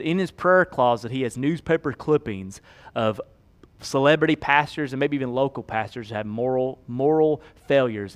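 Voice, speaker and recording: A man preaching a sermon as pastor, swinging from hushed, slow emphasis to loud, fast pleading. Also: mid-range voice, clean tone.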